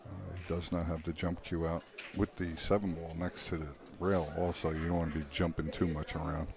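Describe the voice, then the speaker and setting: A man doing live pool commentary, relaxed and playing off his co-host. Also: sits low, brisk, crowd noise. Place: pool hall.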